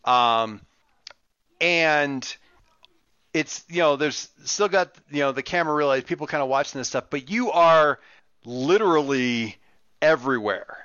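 Bright-voiced man running a tabletop game. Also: fairly high pitch, unhurried, clear, resonant tone, dry recording. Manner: rambling, many fillers and restarts. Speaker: game master. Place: online voice call. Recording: muffled lo-fi voice chat.

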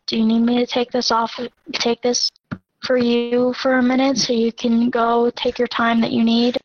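Female player, hesitant and filler-heavy, slightly high, dull lo-fi audio. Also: monotone, moderate pace. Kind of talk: casual tabletop play.

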